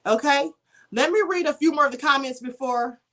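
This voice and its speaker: High, bright-voiced woman preaching online. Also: fairly quick. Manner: preachy, emphatic, addresses viewers as beloved; reads and thanks viewer comments. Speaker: livestream host. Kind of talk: inspirational live-stream talk.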